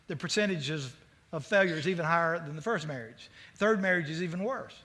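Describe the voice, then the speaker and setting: High, bright-voiced male preacher. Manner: energetic, conversational storytelling. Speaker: pastor. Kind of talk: sermon.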